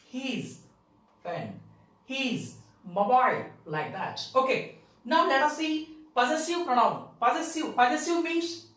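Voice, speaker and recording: Slow, echoey woman teaching grammar. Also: high-pitched. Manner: slow, repetitive, stresses key words. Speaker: English teacher. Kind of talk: grammar lesson. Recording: echoey room, far from the mic.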